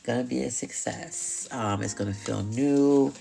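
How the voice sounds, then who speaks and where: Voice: medium pitch, unhurried, vocal fry. A tarot reader hosting a live stream, talking casually and bluntly with slang, swearing and frequent laughs.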